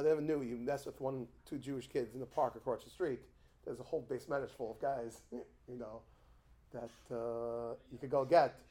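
A man teaching a lively Torah class, an animated storyteller who chuckles and drops asides. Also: medium pitch.

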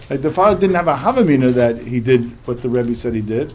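A man's voice: medium pitch, moderate pace, darkish tone, slight background noise. A middle-aged man from the United States, a religious teacher telling a story to his class in a repetitive, emphatic way.

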